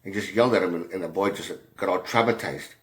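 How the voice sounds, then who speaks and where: Speaking in a low voice, this commentator casually rambles through a story. He keeps stopping, restarting, and leaning on fillers, with plenty of swearing mixed in.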